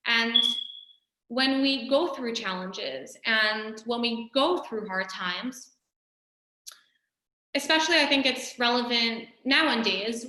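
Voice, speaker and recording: A woman's voice: on the high side, pushed and bright. A woman teaching a religious lesson in a conversational, storytelling way, often saying "you know". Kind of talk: recorded Torah lesson. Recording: echoey room.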